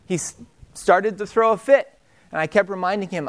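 Man, young adult, sermon, conversational preaching, high voice, soft and slow on key phrases. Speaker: pastor.

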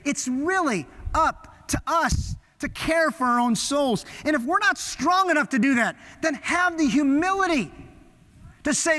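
A high, bright male voice preaching in a large reverberant hall. He tells stories with sudden swings between ringing emphasis and soft, hushed lines. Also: normal speed. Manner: animated storytelling, swinging from loud to hushed. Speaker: pastor. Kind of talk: sermon.

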